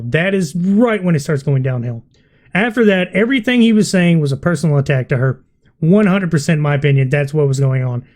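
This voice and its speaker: High-voiced man ranting bluntly. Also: animated, brisk, a little mellow. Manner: blunt, exasperated, swearing freely. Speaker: vlogger reacting to a video. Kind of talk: ranting commentary.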